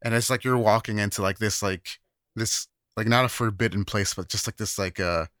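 A podcast co-host rambles through a story in casual chat, using plenty of fillers and swearing. His lowish voice holds a steady, fairly bright tone at a moderate pace, recorded dry and in studio quality.

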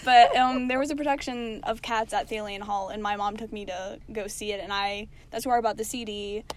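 A woman's voice: medium pitch, steady tone, fairly quick. A young woman co-hosting a podcast, chatting casually in a giggly, rambling way with many fillers. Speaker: podcast co-host. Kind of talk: casual chat. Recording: faint background noise.

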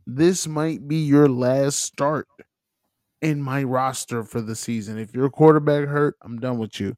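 A man's voice: medium pitch, fairly even intonation, a little slow, a little mellow, no room sound. Man trash-talking on a dry mic. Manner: boastful, joking trash talk. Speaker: podcast co-host. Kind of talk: casual sports chat.

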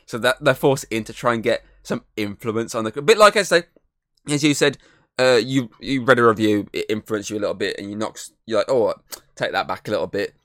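A man's voice: mid-range voice, expressive, fairly quick, a bit bright, no echo, clean studio sound. A man hosting a casual podcast chat, rambling on, swearing often and laughing easily. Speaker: podcast host. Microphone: headset.

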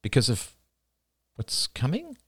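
A man's voice: mid-range voice, huge pitch swings, takes it slowly, husky, dry recording, clean studio sound, voice pushed up, heavily acted. A man reading the part of an earnest, curious young woman in an audiobook, asking questions. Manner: questioning, inquisitive.

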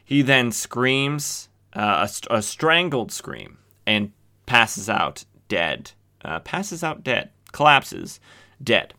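A man's voice: mid-range voice, sing-song, takes it slowly, sharp tone. A man hosting a comic book podcast, recapping an old comic in a joking, sarcastic tone with lots of fillers.

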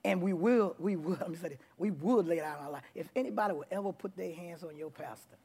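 High gravelly man preaching rough and abrupt. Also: fast talker. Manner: bursts into loud, excited passages. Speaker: guest preacher. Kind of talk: testimony sermon. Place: church sanctuary before a congregation.

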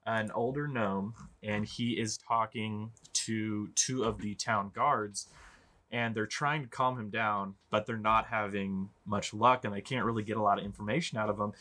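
A man's voice: fairly low pitch, fairly even intonation, moderate pace, bright, forceful tone. A man narrating as game master of a tabletop game, loose and casual with many fillers.

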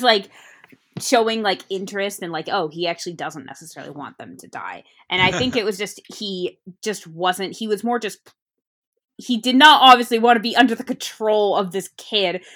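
Young woman co-host, chatty and rambling, bright tone, casual film talk. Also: on the low side. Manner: rambling, searching for words mid-sentence. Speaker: podcast co-host. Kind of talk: casual movie review chat.

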